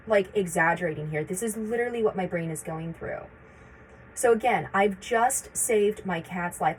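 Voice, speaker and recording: A woman's voice: mid-range voice, a little hiss or hum, poor audio. A woman in her thirties telling a personal story to camera, urgent and repetitive as she relives her anxious thoughts. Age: 30s. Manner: urgent, repeats herself, voices her own anxious thoughts. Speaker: vlogger sharing her experience.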